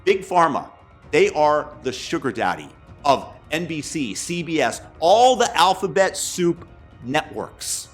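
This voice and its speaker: A man rants through a satirical commentary in a mocking, sarcastic tone. His voice sits a little high and swings widely in pitch. He takes his time, drawing out each jab. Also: big pitch swings, a little slow, faint music behind. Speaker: commentary host.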